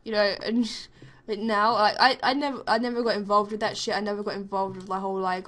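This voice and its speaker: A woman's voice: mid-range voice, brisk. A young woman chatting over her gameplay, telling a story as she goes. She rambles and swears freely, leaning on plenty of fillers. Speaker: gaming vlogger.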